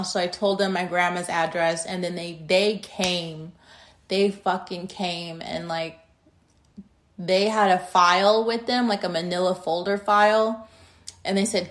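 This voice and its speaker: A woman's voice: mid-range voice, fairly even intonation, normal speed. A woman in her thirties telling a personal story in a candid, blunt and casual way, full of "um" and "like".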